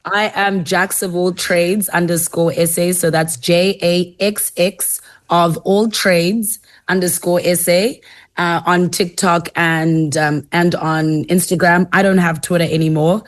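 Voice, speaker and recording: A woman's voice: lowish voice, flat delivery, unhurried. A woman, a content creator on a radio panel, talking in a conversational, self-assured way. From South Africa.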